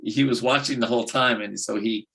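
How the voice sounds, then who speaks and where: A man teaching a scripture class, telling the story in a lively, conversational way with casual fillers. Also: medium pitch, a little fast, creaky, slightly rough, low-quality recording. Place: temple class room.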